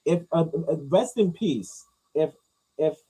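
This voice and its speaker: New guy ranting in a reaction vlog, swearing a lot, voice jumps all over, mellow tone. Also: fairly high pitch, expressive, slow, breathy edge, rough recording. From New York. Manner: profane, rambling, joking. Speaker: commentary vlogger. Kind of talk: casual reaction commentary.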